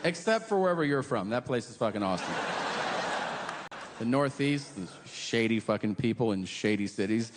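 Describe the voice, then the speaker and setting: A man's voice: medium pitch, expressive, normal speed, very noisy. A man doing a stand-up comedy set, profane and mocking, often slipping into the voices of the people he describes. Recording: live hall recording with reverb.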